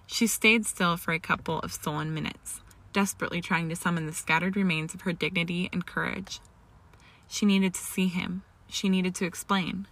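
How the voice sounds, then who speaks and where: A woman's voice: fairly low pitch, a bit bright. A woman steadily reading fan fiction aloud as storybook narration, with an occasional stumble. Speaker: reader.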